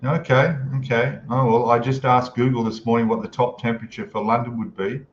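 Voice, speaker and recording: A man's voice: medium pitch, steady tone, brisk. A man hosting a casual live stream, chatting easily and greeting viewers as he reads out their comments. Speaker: livestream host. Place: home room, in Thailand. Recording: echoey room, dull lo-fi sound, faint noise.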